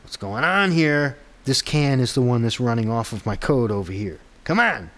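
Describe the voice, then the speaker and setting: In this casual screen-recorded tech vlog, a man debugs his own app on camera, muttering and rambling to himself with frustration and self-deprecating jokes. He is an app developer vlogger, and his mid-range voice is a bit bright, lively in intonation, and at a normal speed.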